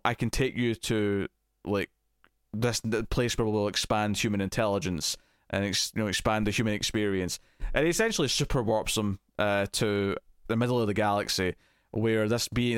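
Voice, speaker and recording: A man in casual podcast chat, recapping a TV episode in a rambling, animated way and acting out quotes. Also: fairly low pitch, smooth, no room sound, studio quality. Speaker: podcast co-host.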